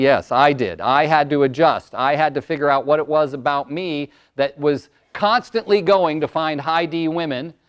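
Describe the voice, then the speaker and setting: Older male workshop speaker, energetic and wordy, fairly high smooth voice. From California. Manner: energetic, talks loud and fast with lots of words. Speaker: motivational speaker and coach. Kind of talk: live workshop presentation.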